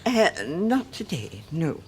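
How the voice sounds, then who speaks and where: A woman's voice: on the low side, big pitch swings, slow pace, slight background noise. A performer playing a polite, nervous elderly woman shopper who is evasive. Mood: uneasy. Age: older. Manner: prim, evasive, politely uneasy.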